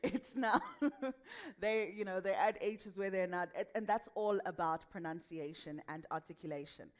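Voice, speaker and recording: A young adult woman with a West African accent leads a lively workshop on voice and speaking. She talks with energy and laughs often. She acts out the voices of the people she quotes. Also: medium pitch, normal speed. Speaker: voice and speaking coach.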